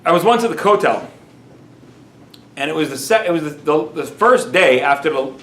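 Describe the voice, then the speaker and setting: A man, a rabbi, teaching a lively class and telling stories, dropping in Yiddish and Hebrew words. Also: a little high, moderate pace. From United States. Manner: animated storyteller, sprinkles Yiddish and Hebrew words, self-amused. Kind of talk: lively Torah class lecture. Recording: roomy echo.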